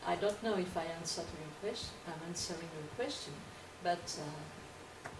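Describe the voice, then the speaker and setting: A woman lecturer answers questions from the floor, often pausing and repeating words as she works out her phrasing. Her voice sits low, and she is picked up from a distance. The hall echoes and carries a steady background hiss. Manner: hesitant, repeats words while searching for phrasing. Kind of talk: academic Q&A discussion. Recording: echoey room, distant mic, background noise.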